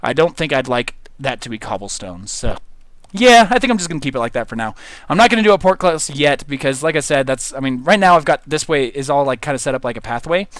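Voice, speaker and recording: Giggly, lively-voiced man rambling while gaming. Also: mid-range voice, quick pace, dry recording. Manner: rambling, giggly, thinks aloud with many fillers. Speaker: livestreamer reading chat. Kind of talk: casual gameplay livestream commentary.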